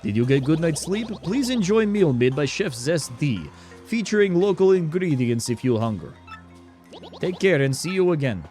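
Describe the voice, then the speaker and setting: A man's voice: fairly high pitch, very animated, normal speed, darkish tone, soft background music. Man doing a mock-Russian bob-omb innkeeper. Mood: welcoming. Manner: broken clipped English, hearty.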